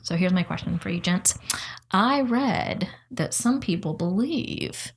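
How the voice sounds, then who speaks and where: A young woman chatting casually on a podcast, her voice rising and falling a lot as she tells a story. She laughs easily and keeps an animated, friendly pace. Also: lowish voice, unhurried, husky. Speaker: guest co-host.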